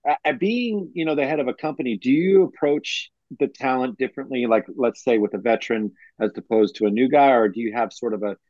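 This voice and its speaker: A man co-hosting a casual interview, asking hesitant questions padded with fillers. His mid-pitched voice comes through dull and lo-fi. The sound is dry, with no room echo. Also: fairly quick, few pauses, darkish tone. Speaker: co-host.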